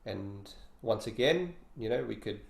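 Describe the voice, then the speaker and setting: A man's voice: fairly low pitch, animated, measured pace, gravelly. A man teaching guitar in an online workshop, explaining casually and thinking aloud between demonstrations. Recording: roomy echo with faint guitar.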